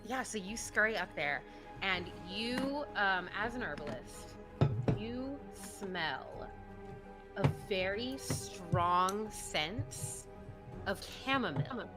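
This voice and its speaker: A woman's voice: medium pitch, lively intonation, takes it slowly, loud music behind the voice. A woman narrating as game master of a tabletop game, casual and descriptive. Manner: casual, descriptive, frequent fillers.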